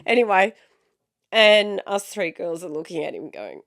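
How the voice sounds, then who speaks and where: A woman with a hoarse voice from a cold, co-hosting a podcast in a chatty, teasing, storytelling way. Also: medium pitch, big pitch swings, fairly bright tone, no room sound, studio quality. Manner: chatty, storytelling, quick to tease. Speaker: podcast co-host. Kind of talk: casual chat.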